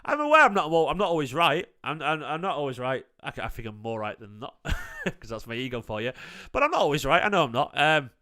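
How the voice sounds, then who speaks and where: A man in his late thirties hosts a reaction stream, chatting to his viewers in a bright, slightly high voice. He is casual and somewhat defensive, and he keeps calling people mate. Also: wildly swooping pitch, fairly quick. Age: 30s. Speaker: fan channel host. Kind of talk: casual reaction talk to live chat.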